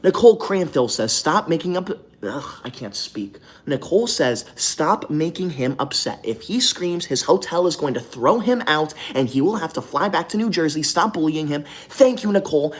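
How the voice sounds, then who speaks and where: A man's voice: fairly high pitch, big pitch swings, normal speed, hardly any pauses. A young man hosting a livestream from a hotel room, reading super chats aloud and breaking into melodramatic, indignant outbursts. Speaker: livestream host.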